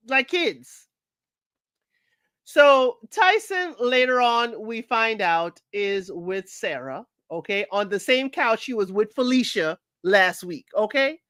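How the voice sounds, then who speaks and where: A chatty woman with a somewhat high voice gives her frank opinions straight to her listeners. The recording is dry and close, with no room sound. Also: fairly bright tone, dry recording. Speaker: podcast host recapping a reality show. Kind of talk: casual recap commentary.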